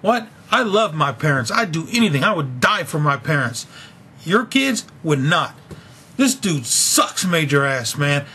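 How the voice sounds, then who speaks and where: A man's voice: on the high side, sing-song, a little slow, bright, forceful tone, slight background noise. A young man venting on a video blog, talking angrily and profanely about being fired. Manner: angry, ranting, profane. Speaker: video blogger. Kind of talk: casual venting vlog.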